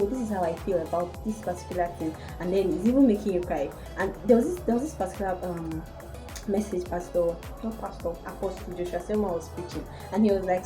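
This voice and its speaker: A woman's voice: lowish voice, low-quality recording. A young woman telling a personal story casually to her viewers. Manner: animated storytelling. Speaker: vlogger.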